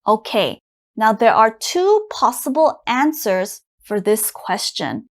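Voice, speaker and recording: A young woman teaching beginner English grammar, reading example sentences slowly and clearly with exaggerated intonation. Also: fairly high pitch, very animated.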